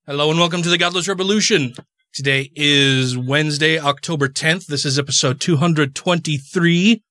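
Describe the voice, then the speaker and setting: A man's voice: fairly high pitch, moderate pace, pushed and bright, no echo, clean studio sound. Eager, chatty male podcast host. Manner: eager, chatty, restarts sentences. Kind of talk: casual interview hosting. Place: studio.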